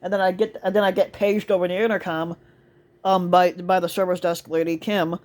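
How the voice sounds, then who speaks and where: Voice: mid-range voice, little pitch movement, a little fast. A store cart attendant telling a work story in a casual monologue, rambling with lots of fillers, restarts and swearing.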